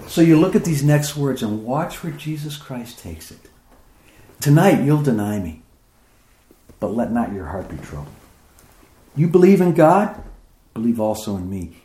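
A man preaching a sermon, reading scripture aloud and explaining it, his voice climbing higher as he presses his points. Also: warm tone, echoey room. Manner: reads scripture aloud then comments, rising in pitch as he grows emphatic.

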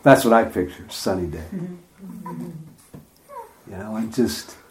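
Slow, chatty man teaching scripture. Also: fairly low pitch, slight background noise. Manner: enthusiastic, chatty, laughs often, slow and drawn out. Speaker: Bible teacher. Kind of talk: informal Bible study talk.

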